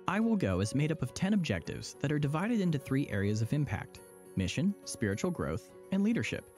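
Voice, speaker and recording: Persuasive upbeat male presenter, lively intonation, faint music bed. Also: fairly high pitch, brisk. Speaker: church promo presenter. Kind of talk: scripted explainer dialogue.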